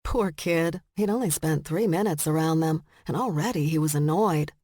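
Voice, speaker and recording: A woman narrating a romance audiobook in slow, measured storytelling, recorded close on a studio mic. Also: deep voice, a little mellow, no echo. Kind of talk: scripted narration.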